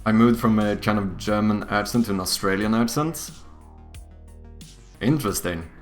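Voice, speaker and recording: Chatty low-voiced man streaming. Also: normal speed, faint music behind. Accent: Swedish-tinged British English. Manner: chatty, answers chat, laughs often. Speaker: game developer streamer. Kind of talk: casual live-stream chat.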